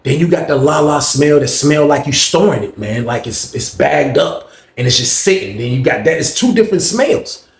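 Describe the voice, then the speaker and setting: A man's voice: fairly high pitch, moderate pace. A man telling a profane story casually, acting out the scene in an echoey room. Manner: animated, profane, acts out the scene.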